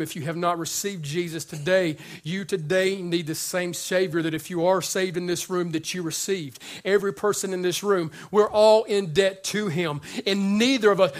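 A male pastor with a high voice delivers a conversational sermon. He jokes with the room and repeats words as he builds to his points. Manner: conversational, joking, repeats words when excited.

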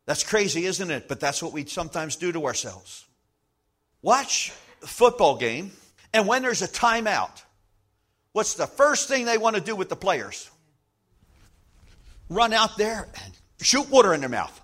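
In his sermon, a pastor with a high-pitched, very animated and fairly bright voice preaches emphatically, acting out little everyday scenes and slowing down to emphasize key lines.

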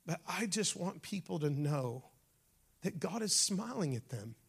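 Gravelly, high-voiced preaching man. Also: a little slow. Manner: animated preaching, shifting from shouts to near-whispers. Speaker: pastor. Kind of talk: sermon.

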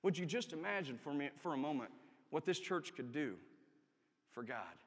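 A chaplain delivers a testimony sermon with earnest candor, pushing up emphatically on key lines. His voice sits somewhat high for a man. A long church reverb trails behind every phrase. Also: lively intonation, normal speed, husky. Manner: earnest, candid storytelling with emphatic rises. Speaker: army chaplain preaching.

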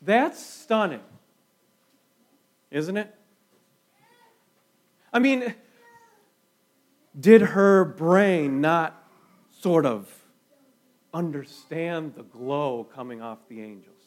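A man preaching a sermon as pastor, slow and emphatic, with dramatic pauses and sudden drops to a hush. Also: on the high side, animated.

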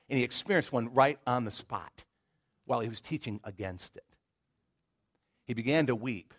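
This middle-aged man is a pastor delivering a sermon, his mid-range voice carrying animated storytelling. He repeats words as he works up to his point.

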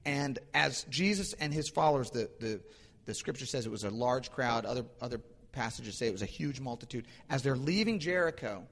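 A man's voice: mid-range voice, animated, brisk, a bit bright. Male preacher in a reverberant hall. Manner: conversational, many restarts, storytelling. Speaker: pastor. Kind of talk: sermon.

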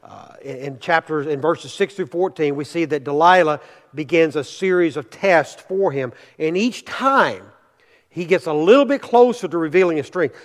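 Male pastor, slightly high voice, emphatic sermon delivery with repetition, reverberant sanctuary sound. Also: normal speed. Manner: emphatic preaching, rising loud for rallying lines, dropping low to teach; repeats key words for emphasis. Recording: long reverb of a large hall.

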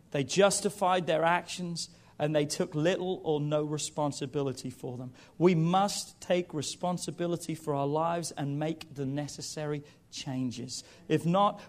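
A man in his thirties preaching a sermon, lively and joking with the congregation between points. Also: on the high side. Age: 30s. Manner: lively, jokey asides to the congregation.

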